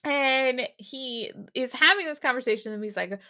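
A woman's voice: sits high, bright, forceful tone. A woman co-hosting a podcast in casual chat, laughing often and swearing freely as she recaps an episode. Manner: laughs often, swears freely, acts out characters in quick asides. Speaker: podcast co-host.

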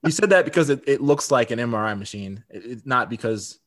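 A man's voice: mid-range voice, expressive, brisk. A man co-hosting a podcast, casually recapping a TV episode, chatty, laughing often and repeating words. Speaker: podcast co-host.

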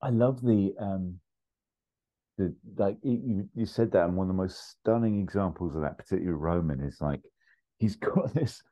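A man co-hosting a podcast, chatting casually and retelling scenes in a rambling, animated way. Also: deep voice, normal speed. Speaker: podcast co-host. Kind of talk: casual chat.

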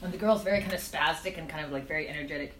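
A woman's voice: sits low, very fast, echoey room, recorded from a distance, a little hiss or hum. A woman chatting casually as a guest at a friend's home, telling stories in a giggly, chatty way. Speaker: podcast guest. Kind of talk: casual chat.

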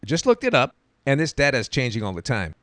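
A man's voice: mid-range voice, huge pitch swings, fast talker, a bit bright, no room sound. A man hosting a podcast, telling stories in a wry, sarcastic monologue. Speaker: podcast host.

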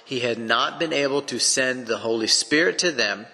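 A Bible teacher from East Texas speaks at a moderate pace in a bright, forceful, medium-pitched voice. Earnest and emphatic, he explains things step by step, with long echoing reverb around him.

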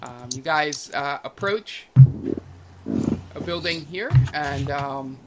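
A man narrating a tabletop game as game master, pausing often with ums and uhs. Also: a little high, heavy background noise. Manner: halting, lots of ums and uhs.

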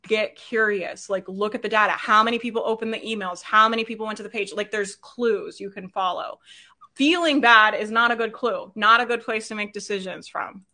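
A woman's voice: medium pitch, brisk, sharp tone. A woman business coach giving a live training, upbeat and chatty, laughing often and checking in with "right?".

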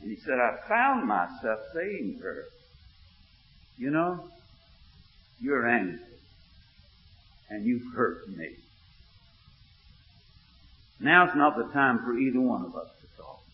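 A man's voice: slow pace, long pauses. A man preaching a sermon, telling a story with quoted dialogue, then rising into emphatic preaching. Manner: animated, retells dialogue in a low voice, rises when preaching. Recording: muffled recording in an echoey hall.

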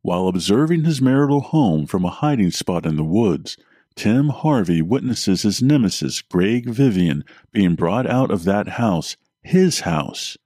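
A man's voice: fairly low pitch, sing-song, unhurried, warm tone, dry recording, clean studio sound. A man reading a preview and a promo in an announcer style. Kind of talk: scripted show promo.

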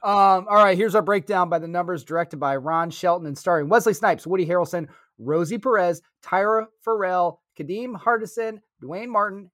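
A man's voice: high voice, a bit bright, no room sound. A man co-hosting a podcast in casual chat, who swears freely and teases dryly. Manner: swears freely, dry teasing. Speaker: podcast co-host.

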